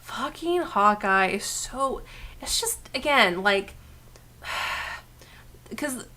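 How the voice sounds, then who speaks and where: Woman, co-host, casual chat, swearing, loud outbursts, high voice, bright tone. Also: animated, very slow.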